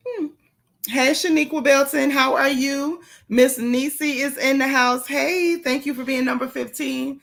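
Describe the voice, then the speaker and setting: A woman's voice: high voice, fairly even intonation, measured pace, creaky, a bit bright. Chatty woman hosting a livestream. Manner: chatty, greets viewers by name; playful and familiar. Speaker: livestream host. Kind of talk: casual livestream chat.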